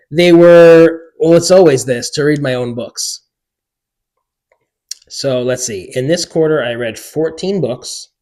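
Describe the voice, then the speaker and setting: Excitable chatty man in his forties. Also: medium pitch. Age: 40s. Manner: chatty and excitable, lots of "like" fillers. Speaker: book vlogger. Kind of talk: casual chat to camera.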